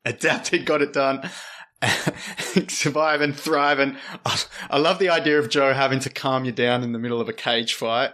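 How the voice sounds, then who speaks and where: Man, podcast host, easygoing, hesitant questions, mid pitch. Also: moderate pace. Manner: relaxed, hesitant questions with many fillers. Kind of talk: casual interview.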